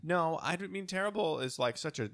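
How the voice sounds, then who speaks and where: A man co-hosting a casual chat at home, talking loudly and excitedly and laughing often. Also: on the high side, brisk, no room sound, clean studio sound. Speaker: podcast co-host. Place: home during quarantine.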